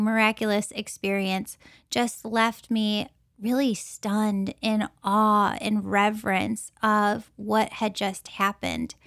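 An American woman who gives intuitive readings tells a personal story earnestly, repeating phrases for emphasis. Her voice is fairly high-pitched, recorded with studio quality and no room sound.

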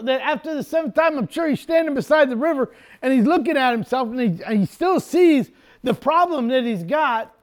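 An older man preaching a sermon as pastor, telling the story emphatically and sometimes breaking into shouts. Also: very high voice.

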